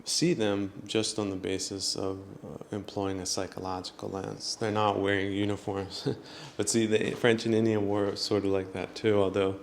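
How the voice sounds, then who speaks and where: A man's voice: on the low side, flat delivery, normal speed, hardly any pauses, a little hiss or hum. A man hosting a solo podcast, rambling through his thoughts with many fillers and chuckling at his own jokes. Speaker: podcast host.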